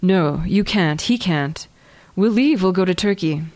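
A woman's voice: on the low side, animated, measured pace, darkish tone. A woman reading the lines of a passionate, hotheaded young man who speaks urgently and pleads. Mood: desperate, angry. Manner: urgent, pleading, hoarse at times.

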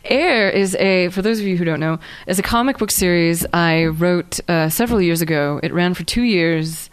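At a live reading event, a woman author reads her own fiction aloud, then answers questions hesitantly, with many fillers and restarts when speaking freely. Her voice is lowish, clear and resonant, at a normal speed.

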